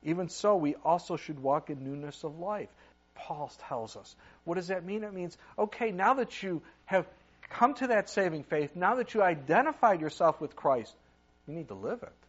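An older man preaching a sermon as a pastor, reading scripture aloud and swinging between loud emphasis and quiet asides. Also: sits high, animated, moderate pace, slightly rough, muffled recording. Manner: preaches with sudden rises and drops in loudness, reads scripture aloud.

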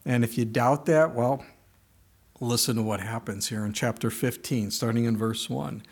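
A man's voice: mid-range voice, steady tone, moderate pace, a little mellow, slightly rough. Man preaching a conversational sermon. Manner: conversational preaching, acting out quoted voices. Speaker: pastor.

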